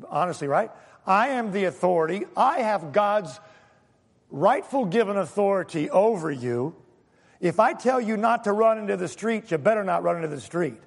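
A man's voice: high-pitched, animated, normal speed, creaky, long reverb tail. A male pastor preaching a sermon, emphatic and fond of rhetorical questions to his congregation.

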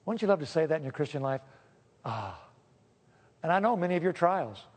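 High-voiced preacher in a reverberant hall. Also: male voice, fairly quick. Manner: lively, shifts from joking to solemn pleading. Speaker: pastor. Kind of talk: sermon.

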